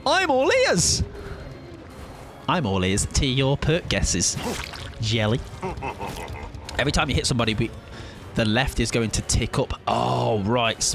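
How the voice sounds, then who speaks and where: A young man talking through a live game stream, chatty and excitable, his pitch swinging up and down. Clear game music plays under his voice. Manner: chatty, excitable, self-mocking, swears casually. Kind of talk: live gameplay commentary.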